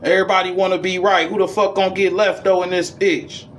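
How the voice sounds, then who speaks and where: A man giving a casual esoteric lecture, reading passages aloud and riffing on them in profane street slang, swinging between high and low registers. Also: flat delivery, quick pace, slight background noise. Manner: reads passages, then riffs in profane slang.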